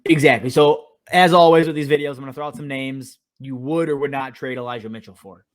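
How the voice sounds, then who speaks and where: A man's voice: mid-range voice, steady tone, fast. A man hosting a casual fantasy football talk show, upbeat and joking with his co-host. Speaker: podcast host.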